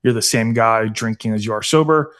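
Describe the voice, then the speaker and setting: With a fairly low, somewhat bright voice and a brisk pace, a middle-aged man speaks earnestly in a casual podcast interview. He's the guest, a foundation founder, talking conversationally with many fillers and becoming emotional to the point of tears.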